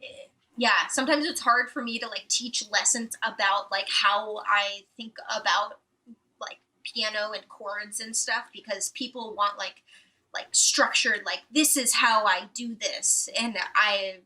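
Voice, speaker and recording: A woman's voice: mid-range voice, fairly even intonation, unhurried, sharp tone, rough recording. A young woman, a musician guest on a podcast, speaking casually and hesitantly with many fillers as she searches for words. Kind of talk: casual conversational interview.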